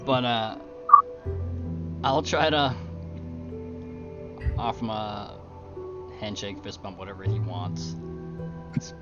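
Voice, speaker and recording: A man's voice: fairly low pitch, expressive, slow, long pauses. A man playing in a tabletop game, laid-back and hesitant, with lots of "uh"s and casual swearing. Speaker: player. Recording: dull lo-fi mic with clear background music.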